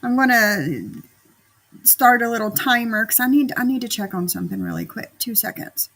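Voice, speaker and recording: A woman's voice: fairly high pitch, animated, normal speed, a bit bright, breathy edge. A woman hosting a livestream, chatting casually and repeating herself as she talks straight to her viewers, still getting over being sick. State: recovering from sickness. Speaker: livestream host. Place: home.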